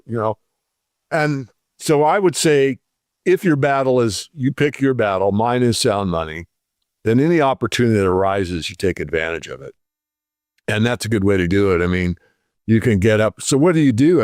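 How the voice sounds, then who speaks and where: A man's voice: fairly low pitch, animated, moderate pace, no echo, clean studio sound. A man, an interview guest, telling an everyday story in casual talk, acting out both sides of the conversation.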